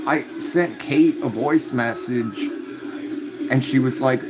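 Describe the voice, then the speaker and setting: A livestream host talks slowly in a medium-pitched voice, chatting casually with a live audience from a home room at night. He rambles, swears a lot and tells stories, and the dull audio carries noticeable background noise.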